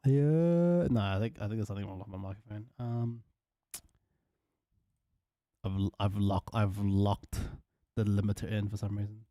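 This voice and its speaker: A young man streaming a game from his room, chatting in a flat, monotone way and restarting his sentences, with the mic pressed close to his mouth. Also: fairly low pitch, measured pace, pauses often, dry recording. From Australia. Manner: self-described monotone, rambling with many restarts. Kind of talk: casual live-stream chat. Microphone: desk mic held very close to the mouth. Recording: noisy stream audio with game sounds.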